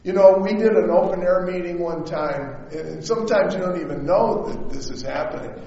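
High-pitched preacher guy telling a story slowly, muffled lo-fi sound, big echo. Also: warm tone, a little hiss or hum. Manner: chatty, checks in with the audience. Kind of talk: storytelling sermon. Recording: echoey hall, dull lo-fi sound.

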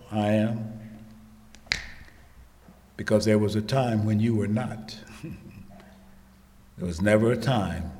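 A man preaching a sermon in a repetitive rhetorical cadence, swinging from hushed low passages to loud shouted emphasis. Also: a little hiss or hum. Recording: echoey hall with long reverb.

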